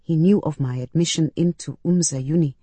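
A woman reading a first-person story aloud in a measured, expressive audiobook narration, close to the mic. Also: deep voice, slightly rough, dry recording.

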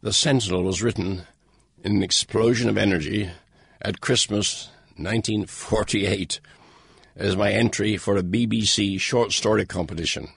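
An older man with a gravelly, husky voice reads his own foreword with dry, wry humor. He sits low in pitch and takes his time, and the recording is close and dead, with no room sound at all. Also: steady tone, normal speed, fairly bright tone, no echo. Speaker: author reading his own introduction. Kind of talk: read-aloud personal foreword.

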